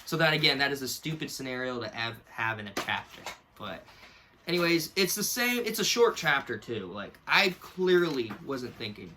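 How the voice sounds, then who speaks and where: A man's voice: medium pitch, very animated, normal speed, bright, forceful tone, slight background noise. A young man in casual, rambling commentary, mocking himself and laughing often as he reviews something he wrote as a kid. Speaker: YouTuber reviewing his own childhood book.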